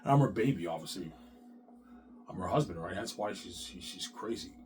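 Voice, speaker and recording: Rambling, profane man's low-pitched monologue. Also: expressive, fairly quick, a little mellow, a little hiss or hum. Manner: rambling, repetitive, profane, slangy. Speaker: vlogger.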